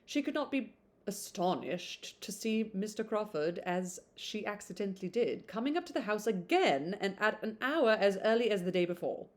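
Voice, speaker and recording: A woman's voice: mid-range voice, lively intonation, normal speed. A woman reading a classic novel aloud, often breaking off to chat and laugh about it. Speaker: book reader.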